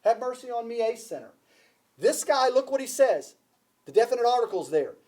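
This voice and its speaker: A man's voice: very high voice, very animated, normal speed, darkish tone. A man preaching a sermon to a congregation, emphatic, repeating key phrases and asking the listeners questions. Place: church before a congregation.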